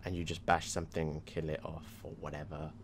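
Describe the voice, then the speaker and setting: A man's voice: a bass voice, little pitch movement, fast talker, creaky, slight background noise. A man co-hosting a casual gaming chat, reasoning his choices out aloud. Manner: musing, reasons things out aloud. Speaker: co-host.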